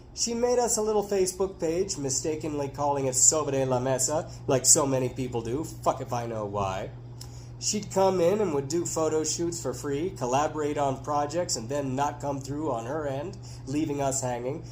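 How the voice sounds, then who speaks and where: A man's voice: fairly high pitch, a little mellow, a little hiss or hum, poor audio. A middle-aged man reading aloud from his own memoir, acting out the characters' lines with big jumps in his voice.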